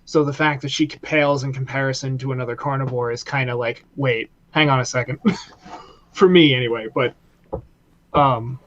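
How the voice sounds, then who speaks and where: Excitable, cursing man on a dull mic. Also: mid-range voice, normal speed. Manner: excitable, swears freely. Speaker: podcast co-host. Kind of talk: casual review chat.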